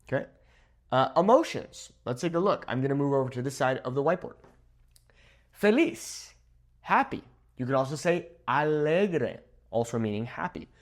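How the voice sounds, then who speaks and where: Lively young man teaching a lesson. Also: medium pitch, a little fast. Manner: upbeat, playful, laughs at own jokes. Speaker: Spanish teacher. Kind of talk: video language lesson. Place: room with a whiteboard.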